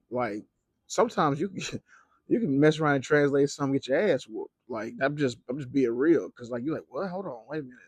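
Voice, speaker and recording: A man's voice: a little high, breathy edge, no room sound. A young man giving casual advice on learning Spanish, loose and slangy, with plenty of fillers and swearing. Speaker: Spanish teacher and vlogger. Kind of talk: casual talking-to-camera advice. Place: living in Mexico.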